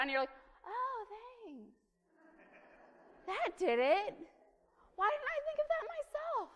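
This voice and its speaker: A woman in her thirties giving a chatty, humorous sermon in a church, full of lively asides. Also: high-pitched. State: caffeinated, fast-talking. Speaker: preacher. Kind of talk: conversational sermon. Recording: long reverb of a church hall.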